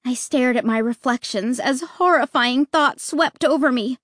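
A woman narrating a children's story in the first person with expressive, suspenseful delivery. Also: sits high, unhurried, no room sound, clean studio sound. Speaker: audiobook narrator.

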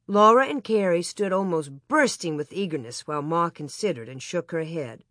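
An audiobook narrator reading a children's story aloud in an even, clear way. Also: mid-range voice, normal speed, hardly any pauses, no echo, studio quality.

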